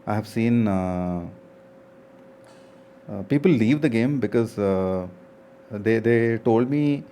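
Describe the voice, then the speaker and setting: Man, 40s, gaming streamer, earnest, reflective, hesitant, mellow voice, faint hiss behind. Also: lowish voice, slow pace, long pauses. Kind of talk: casual talk to viewers.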